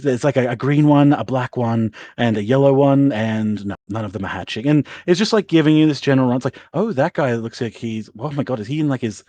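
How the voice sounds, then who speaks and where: A man's voice: mid-range voice, darkish tone, no echo. A man narrating as game master of a tabletop role-playing game, rambling with lots of fillers and laughing often.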